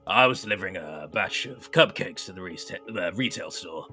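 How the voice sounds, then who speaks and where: A man's voice: low-pitched, animated, brisk, bright, forceful tone, faint music behind. A man reading the part of a grumbling, defensive male factory worker in a casual table read.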